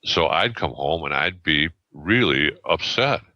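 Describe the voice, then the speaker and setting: A man in his seventies, a podcast guest, telling a story in a rambling, halting way with many restarts and fillers, on a dull lo-fi recording. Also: a bass voice, expressive, pushed and bright, no echo. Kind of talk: casual storytelling. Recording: dull lo-fi sound.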